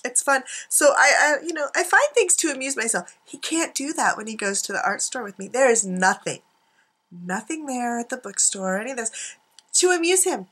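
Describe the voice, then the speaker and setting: Chatty high-voiced woman rambling to camera. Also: expressive, normal speed, fairly bright tone, breathy edge. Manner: chatty, giggly, self-mocking asides. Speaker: art journaling vlogger. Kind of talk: rambling casual chat to camera. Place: home craft desk, indoors. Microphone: camera on desk.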